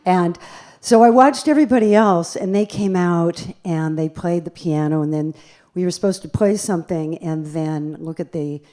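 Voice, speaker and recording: A woman pianist and bandleader telling lively, self-deprecating stories from a theater stage into a stage microphone between songs. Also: fairly low pitch, normal speed. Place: theater stage at a live concert.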